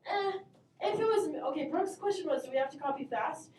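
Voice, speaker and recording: A woman's voice: sits high, animated, fairly quick, a little mellow, slight background noise. A woman math teacher teaching her class, upbeat and encouraging, calling on students by name. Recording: echoey classroom from far off.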